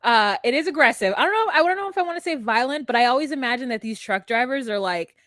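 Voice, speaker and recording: A woman's voice: high voice, expressive, fast talker, a bit bright, no room sound, studio quality. A woman co-hosting a TV recap podcast, telling it in a rambling, hesitant way with giggles. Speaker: podcast co-host. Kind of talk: casual recap chat.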